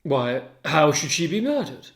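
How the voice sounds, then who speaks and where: A grave, tormented general declaiming verse, read aloud by a man. He lingers over his words, and his pitch rises and falls widely as he shifts between hushed brooding and loud accusation. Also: very animated, unhurried, vocal fry, full character voice. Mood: accusing. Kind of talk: dramatic reading of a play.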